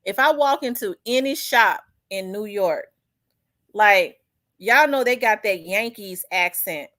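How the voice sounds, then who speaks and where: A woman's voice: mid-range voice, lively intonation, slow, a bit bright, no echo. A middle-aged woman with a Southern US accent, hosting a casual commentary chat, talking loosely with many fillers and restarts and answering viewer comments. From Memphis, US South. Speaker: host.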